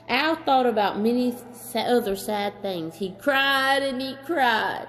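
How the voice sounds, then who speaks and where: A woman reading a children's story aloud as storyteller, gentle and slow, chatting to a child in between. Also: fairly high pitch, soft background music.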